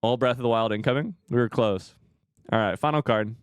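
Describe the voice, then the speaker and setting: Excitable male streamer, smooth dry voice. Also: medium pitch, fairly quick, no room sound. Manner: excitable, swings from hushed to shouting. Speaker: streamer host. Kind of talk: casual live stream chat.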